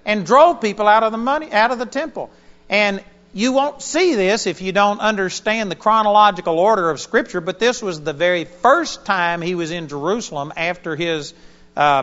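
A male pastor preaching a sermon, an animated storyteller with sudden loud bursts. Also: high voice, muffled recording.

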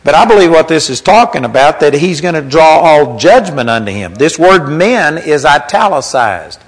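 A man's voice: a little high, big pitch swings, moderate pace, poor audio. A man preaching a sermon in a conversational teaching manner, reading scripture aloud as he goes.

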